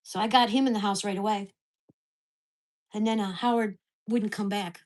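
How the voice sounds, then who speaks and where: A woman's voice: mid-range voice, steady tone, normal speed, a little mellow. A woman telling a heated, profane story about her neighbors in a casual vlog recorded at home. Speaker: vlogger.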